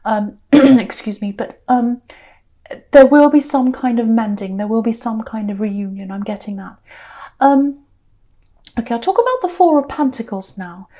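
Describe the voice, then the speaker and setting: A woman with a fairly high but mellow voice gives a casual tarot reading, thinking aloud as she goes. She often stumbles and restarts her sentences, and her soft, confiding tone keeps trailing off quieter. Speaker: tarot reader.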